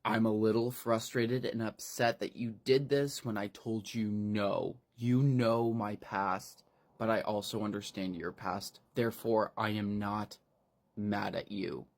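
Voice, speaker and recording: A man reading the lines of a motherly young woman who gently reassures a broken man. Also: fairly low pitch, steady tone, unhurried. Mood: soothing. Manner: soft, reassuring.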